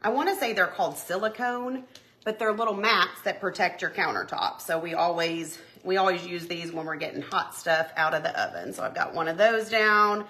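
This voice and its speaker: A woman's voice: lowish voice, moderate pace, pushed and bright. A young woman, chatting bubbly and friendly with viewers while cooking live in her home kitchen. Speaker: home cooking livestream host. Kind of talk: casual live cooking chat.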